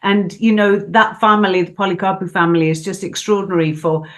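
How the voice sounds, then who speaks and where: A woman's voice: medium pitch, fairly even intonation, brisk. Enthusiastic older woman, chatty guest. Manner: enthusiastic, frequent "you know". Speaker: guest performer. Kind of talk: casual studio interview.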